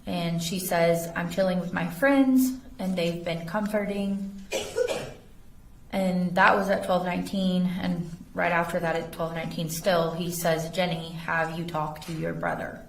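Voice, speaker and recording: Low-voiced woman testifying in a roomy courtroom. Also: fairly even intonation, gravelly, a little hiss or hum. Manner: reads text messages aloud in a measured, factual way. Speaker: investigator testifying as a witness. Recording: roomy courtroom audio from a distance.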